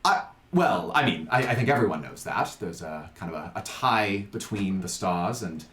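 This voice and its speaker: A man voicing a jovial, excitable male tiefling star scholar, attempting an Australian accent. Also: sits low, normal speed, reverberant, voice pushed down. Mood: hesitant. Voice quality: bubbly, chatty, effervescent.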